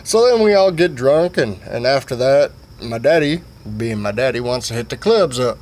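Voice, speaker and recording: A man telling a rambling, profane comic story in an animated way. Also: mid-range voice, moderate pace.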